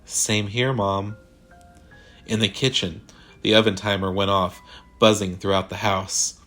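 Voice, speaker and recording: A man reading a sci-fi horror short story aloud in a measured, deliberate way. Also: sits low, little pitch movement, bright, forceful tone, faint music behind. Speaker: narrator. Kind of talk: scripted horror story narration.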